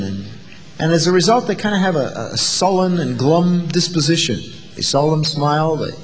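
A man's voice: on the high side, in a large hall. A man preaching a sermon in a dramatic way, acting out the voices of the people in his story. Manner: dramatic, acts out voices of the disciples and doubters.

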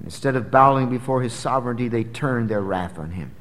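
A man preaching an expository sermon, emphatic, swinging from loud dramatic peaks to low, quiet drops. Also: expressive, fairly quick. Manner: emphatic, dramatic rises and drops in pitch and volume. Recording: long hall reverb.

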